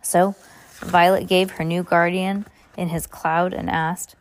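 A woman's voice: fairly low pitch, flat delivery, slow. Woman reading a novel aloud. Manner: plain reading with small slips and restarts. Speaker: reader.

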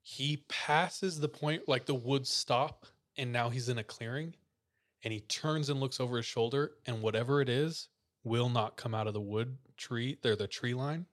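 A man's voice: mid-range voice, moderate pace. A man casually retelling a creepy story, full of fillers. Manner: relaxed storyteller, many "like" fillers.

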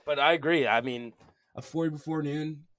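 A man's voice: a little high, a little fast, a bit bright. A man from Canada, a podcast co-host, chatting in a laid-back, slangy way that tends to trail off. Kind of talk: casual podcast chat.

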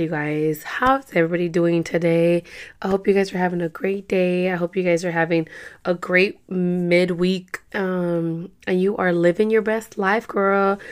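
Hoarse, rambling young woman host. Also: lowish voice. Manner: rambling, chatty, many fillers. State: hoarse, clearing her throat. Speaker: podcast host. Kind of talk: casual chat.

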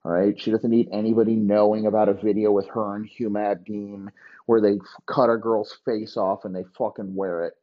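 A man's voice: fairly low pitch, flat delivery, brisk, lo-fi sound. Profane, rambling male comedy podcaster. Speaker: podcast host. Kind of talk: crude comedic rant.

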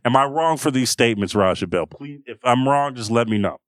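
A young man co-hosting a sports podcast, talking fast and heated, often restarting his sentences. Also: mid-range voice, no echo. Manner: impassioned, ranting with many restarts. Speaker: podcast co-host. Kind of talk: casual sports chat.

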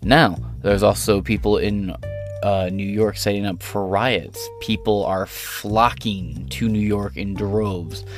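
A man with a lowish voice hosts an online political commentary show, reading news articles aloud and breaking off into rambling, profane, sarcastic asides.

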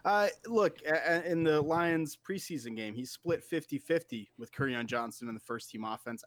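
Eager male analyst, mid pitch, dry close sound. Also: no echo. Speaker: fantasy football analyst. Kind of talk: casual podcast chat.

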